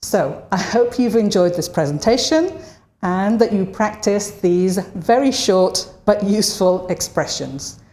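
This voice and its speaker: Slow, mellow woman teaching a lesson. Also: medium pitch, lively intonation, echoey room. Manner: slow, clearly modeled phrases for repetition. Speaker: language teacher. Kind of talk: online lesson.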